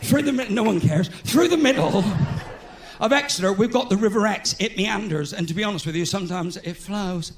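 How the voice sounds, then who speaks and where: An Englishman with a West Country accent performs live stand-up in a large theatre, chatty and self-mocking as he banters with the crowd. His voice is high and fairly quick.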